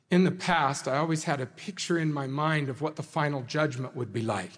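A man delivering a sermon to a congregation, earnest and measured, with dramatic slow pauses. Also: fairly high pitch. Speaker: speaker addressing a congregation. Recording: hall reverb.

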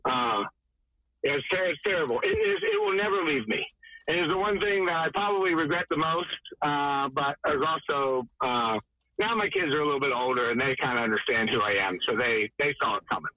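A man telling an animated, laughing golf story as a guest. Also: on the high side, fairly quick, narrow, tinny audio. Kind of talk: casual storytelling.

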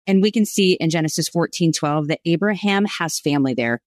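A woman's voice: sits low, animated, brisk, no room sound, clean studio sound. A woman co-hosting a Bible study podcast, explaining scripture with enthusiasm. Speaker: co-host.

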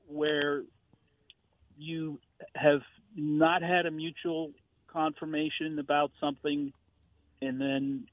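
A man calling into a radio show, friendly and halting as he searches for words. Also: mid-range voice, no room sound. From San Antonio, Texas. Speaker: radio caller. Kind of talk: phone-in call. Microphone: telephone. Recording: tinny dry phone line.

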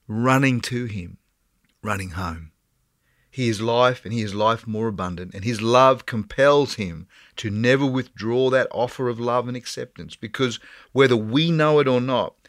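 A middle-aged man, a pastor giving a gentle, earnest sermon that slows down on key phrases. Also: medium pitch, no room sound, studio quality. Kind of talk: devotional sermon.

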